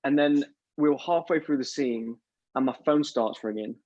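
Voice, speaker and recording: Young man telling a lively story. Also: medium pitch, moderate pace, dry recording. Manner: animated storyteller, acts out quoted voices. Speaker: lead actor. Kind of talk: casual live-stream chat. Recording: dull lo-fi stream audio.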